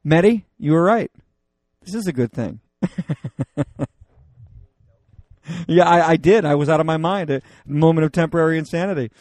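A man's voice: a little high, normal speed, pauses often, a little mellow, no room sound. A man teaching a Bible study in a loose, joking, conversational way, reading scripture aloud with rising emphasis.

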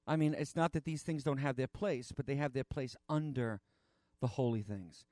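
A man preaching a sermon in an earnest, halting way, with frequent fillers and restarts. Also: mid-range voice, a little mellow, dry recording, clean studio sound.

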